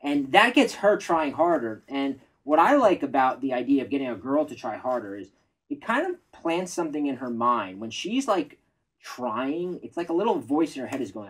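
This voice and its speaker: Husky-voiced male dating coach. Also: mid-range voice, very animated, moderate pace, poor audio. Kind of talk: casual coaching conversation.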